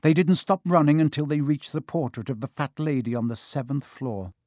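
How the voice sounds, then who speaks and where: A man's voice: fairly high pitch, a little fast, darkish tone, no room sound, studio quality. A man narrating a children's fantasy audiobook with dramatic storytelling. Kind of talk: audiobook reading.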